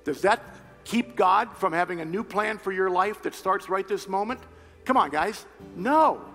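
A man preaching a sermon, telling a personal story with loud animated retellings and quiet earnest appeals. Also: high-pitched, unhurried. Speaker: pastor. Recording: reverberant hall with faint music.

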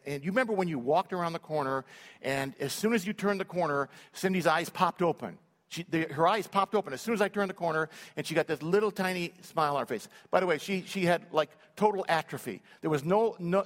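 A man giving a sermon in a church, telling a personal story, dropping to slow hushed lines and rising to loud emphatic ones. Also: fairly high pitch. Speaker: church speaker. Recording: long reverb of a church hall.

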